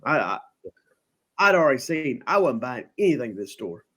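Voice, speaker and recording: A man's voice: mid-range voice, moderate pace. A man hosting a podcast, casually telling a long funny story and mimicking the people in it. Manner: animated anecdote teller, mimics people he quotes. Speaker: podcast host.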